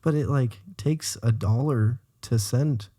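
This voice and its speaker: A man's voice: mid-range voice, slow pace, mellow. A man co-hosting a casual podcast, bantering in an easygoing, joking way. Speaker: podcast co-host. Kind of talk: casual chat.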